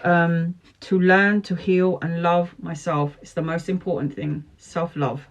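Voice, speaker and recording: A woman's voice: fairly low pitch, level tone, measured pace. A woman in her forties, a tarot reader, talking live to viewers and answering their questions in an earnest, emphatic, motivational way, repeating slogans.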